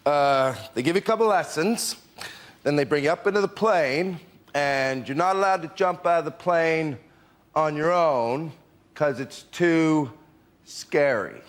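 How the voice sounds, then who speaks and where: Male comic, deadpan and very slow, halting delivery. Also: fairly high pitch. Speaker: panelist. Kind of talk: stand-up routine.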